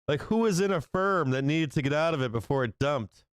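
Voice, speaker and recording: A man's voice: a little high, expressive, fairly quick, clear, resonant tone, dry recording. Profane, incredulous livestream market host, man. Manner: profane, incredulous, laughing often. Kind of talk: live market commentary.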